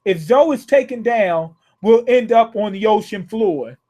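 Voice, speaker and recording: A man with a notably high voice reacts live to a manga chapter. He reads lines aloud, stumbles and restarts, and curses freely as he gets worked up. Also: measured pace. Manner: profane, excitable, rereads lines aloud with many restarts.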